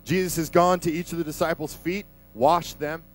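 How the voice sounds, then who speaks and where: A man's voice: on the high side, fairly even intonation, normal speed, soft background music, poor audio. A man preaching a sermon in a conversational, emphatic way, vividly retelling a scripture passage.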